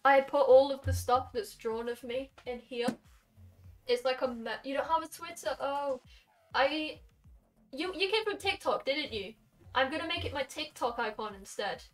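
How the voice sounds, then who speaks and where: A young woman streaming from her bedroom, chatting excitedly and gushing to her viewers. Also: sits high, moderate pace, faint music behind. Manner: excitable, gushing, talks to chat. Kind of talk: casual live-stream chat.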